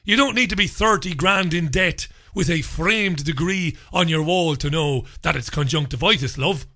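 A man's voice: fairly high pitch, normal speed, bright, forceful tone. A man telling a profane, sardonic comic anecdote in a vlog. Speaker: vlogger. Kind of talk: comic storytelling monologue.

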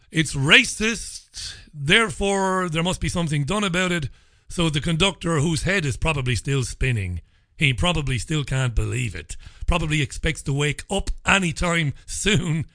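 A man's voice: on the high side, lively intonation, measured pace, sharp tone, dry recording, clean studio sound. A man giving an angry, indignant opinion monologue. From Ireland. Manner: indignant, ranting.

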